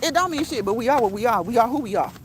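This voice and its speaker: A woman's voice: fairly high pitch, lively intonation, rapid-fire, a little hiss or hum. A woman hosting a casual walk-and-talk livestream outdoors on her phone, blunt and repetitive, dropping slang and laughing often. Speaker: channel host.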